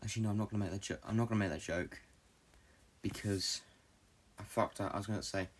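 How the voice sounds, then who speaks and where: A young man from Britain hosting a solo podcast, talking in a halting, low-key, confessional way and swearing often. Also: slight background noise. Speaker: podcast host. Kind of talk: rambling solo podcast monologue.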